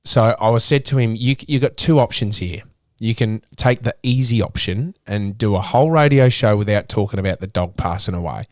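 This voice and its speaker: A man's voice: lowish voice, fairly quick, a little mellow, no echo. Earnest Australian man, dry close sound. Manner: earnest, emotional, with many restarts. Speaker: guest. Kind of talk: candid interview talk.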